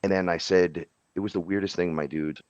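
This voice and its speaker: A man with a very low voice talks in a loose, profane storytelling ramble, slipping into the voices of people he quotes. The sound is dry and slightly muffled, like plain podcast audio. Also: fairly even intonation, a little fast, a little mellow, no echo. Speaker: podcast speaker. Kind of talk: casual storytelling chat.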